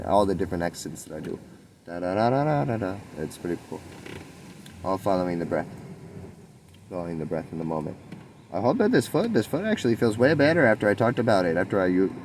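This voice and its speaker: Deep-voiced man musing aloud. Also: slight background noise, poor audio. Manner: meandering, musing, soft-spoken with sudden lifts. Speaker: spiritual vlogger. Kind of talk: rambling spontaneous monologue.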